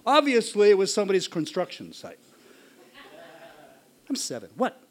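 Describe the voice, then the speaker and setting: Brief: high-pitched male storyteller, lively live delivery with acted-out yelps and voices. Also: moderate pace. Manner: animated, acts out shouts and voices.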